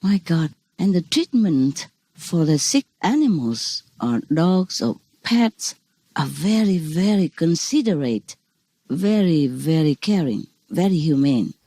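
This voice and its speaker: A woman's voice: sits low, very animated, takes it slowly, mellow, no echo. A woman speaking as a spiritual teacher in an informal talk over a video call, rambling and repeating words for emphasis.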